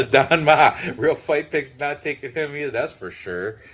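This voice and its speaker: A man's voice: on the high side, expressive, a little slow, a bit bright. A man in his fifties co-hosting a sports betting show, rambling casually, laughing often and swearing freely. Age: 50s. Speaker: podcast co-host. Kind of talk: casual chat.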